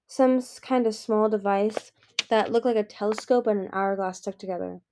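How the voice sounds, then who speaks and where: A woman's voice: medium pitch, normal speed, darkish tone, slight background noise. A woman reading a fantasy novel aloud, voicing the characters' dialogue. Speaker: audiobook reader.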